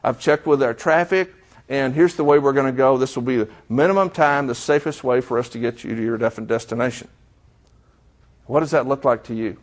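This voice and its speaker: A man's voice: medium pitch, brisk. A middle-aged man preaching a sermon, telling a story and acting out the dialogue while asking the congregation questions. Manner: storytelling, acts out quoted dialogue. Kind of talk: sermon illustration.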